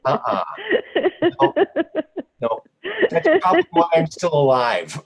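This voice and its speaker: A man hosting a podcast, telling personal stories in a casual, animated way and acting out the people he quotes. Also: fairly high pitch, a little slow, a crowd in the background. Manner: animated storyteller who acts out quoted voices. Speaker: podcast host. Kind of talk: casual conversational storytelling.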